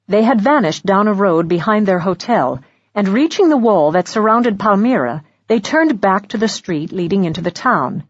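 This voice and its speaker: A woman reads an audiobook in a steady, measured narration. Her tone is breathy and a little husky. The recording is dry and slightly dull. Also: medium pitch, dry recording. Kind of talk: scripted narration.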